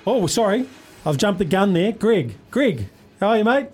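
A man's voice: sits high, big pitch swings, normal speed, slightly rough, faint music behind. A man hosting a radio sports quiz, chummy and upbeat, calling callers mate. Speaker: radio sports show host.

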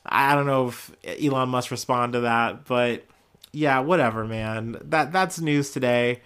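A man's voice: medium pitch, measured pace, fairly bright tone, clear, resonant tone. A man hosting a casual solo news podcast, jokey and sarcastic, laughing often as he riffs. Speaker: podcast host.

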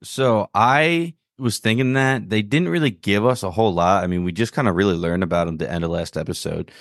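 A man's voice: lowish voice, a little fast, no echo, clean studio sound. A man co-hosting a casual talk show about a TV series, rambling and jokey with lots of filler words. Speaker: podcast co-host. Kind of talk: casual chat.

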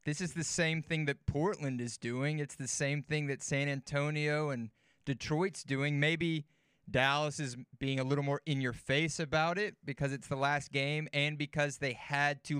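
Guy on a sports show, bit higher voice, laughs easy, trips on his words. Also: clear, resonant tone, no echo, studio quality. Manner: relaxed, laughs easily, repeats words as he tells a story. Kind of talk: casual sports chat and storytelling.

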